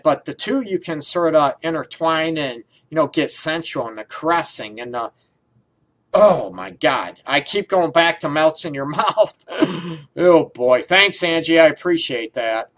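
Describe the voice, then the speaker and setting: A man's voice: a little high, a little slow, a bit bright. A man hosting a talk radio show, playful and rambling, laughing often as he tosses out questions. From Detroit area. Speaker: radio show host, counselor. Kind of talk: casual talk radio, chatty.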